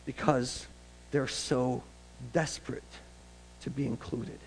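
A man's voice: medium pitch, extremely slow, long pauses, a bit bright, breathy edge. Man preaching in a reverberant hall. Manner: conversational storytelling with asides. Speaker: pastor. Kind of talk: sermon. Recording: long reverb of a large hall.

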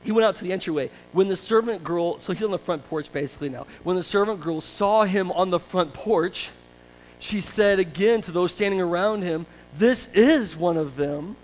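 A man pastor preaching a sermon in a conversational, animated storytelling way. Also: high-pitched, fairly quick, rough recording.

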